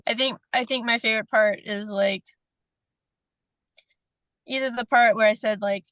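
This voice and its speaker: Podcast guest, woman, slightly high voice, tender and emotional delivery, dry sound. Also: steady tone, normal speed, a bit bright, no echo. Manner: tender, emotional, laughs often. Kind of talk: reading a personal letter aloud, then casual chat.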